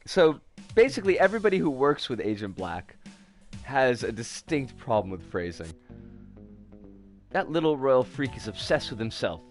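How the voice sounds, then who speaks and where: A man's voice: medium pitch, normal speed, pauses often, faint music behind. A man joking casually with friends while they voice a game's dialogue. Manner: joking, lively banter. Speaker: streamer voicing game dialogue with friends. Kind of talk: casual group chat over a game.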